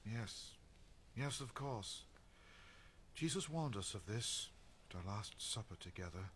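An actor playing a calm, grave male apostle leading his followers in a radio drama. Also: fairly low pitch, unhurried, a little hiss or hum. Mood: solemn.

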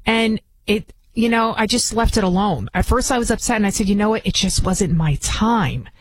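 A woman's voice: medium pitch, moderate pace, slightly rough, dry recording, low-quality recording. A woman with a Bronx accent guest-hosting a radio talk show, chatty and emphatic, often restarting her sentences. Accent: Bronx New York. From Bronx, New York.

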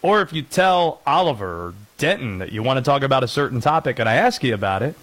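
A man's voice: medium pitch, animated, fast, fairly bright tone, low-quality recording. Playful male sports talk host. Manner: playful, joking. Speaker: radio show host.

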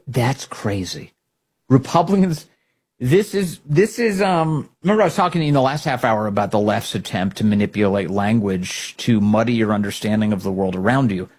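A man's voice: mid-range voice, darkish tone, husky. A man hosting a political talk radio show, delivering a sarcastic, emphatic monologue.

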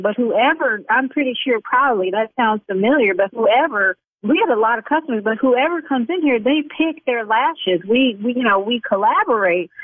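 Woman, sassy scolding salon owner, high voice, dry phone-line sound. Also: no echo. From Chicago South Side.

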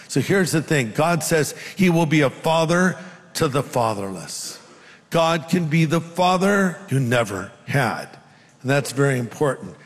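Older male pastor, fairly high voice, earnest conversational sermon, long hall reverb. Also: expressive, moderate pace. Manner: earnest, conversational preaching with asides.

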